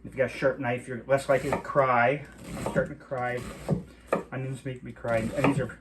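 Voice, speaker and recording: A man's voice: medium pitch, flat delivery, a little fast. A middle-aged man from Michigan's Upper Peninsula hosting a casual home cooking demonstration, chatty and rambling with mild cursing, in a home kitchen. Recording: clear chopping noise behind voice. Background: knife chopping and clicks.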